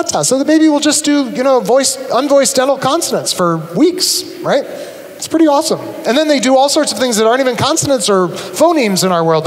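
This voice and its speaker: A man with a notably high voice gives an animated, humorous talk from a stage, acting out his examples. His voice rings through a large auditorium with a long, lingering reverb. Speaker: conference speaker. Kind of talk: live conference talk to an audience.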